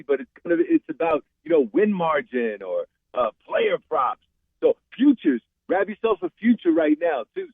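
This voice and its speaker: A man calling in to a sports radio show as the regular betting guest, talking in a rambling, animated, salesy way over the phone. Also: high-pitched, vocal fry, no room sound. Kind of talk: casual sports radio chat. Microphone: phone call. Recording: tinny phone line.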